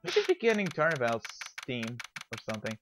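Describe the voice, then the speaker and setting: A man's voice: mid-range voice, huge pitch swings, a little fast, fairly bright tone, faint music behind. A man co-hosting a let's play, chatting offhandedly while he plays and reads a video game. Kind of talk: casual gameplay commentary.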